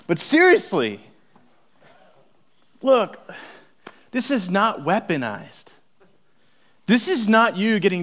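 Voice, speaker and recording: A young adult man preaching a sermon with humorous stories, swinging from loud exclamations to hushed asides. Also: on the high side. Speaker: pastor.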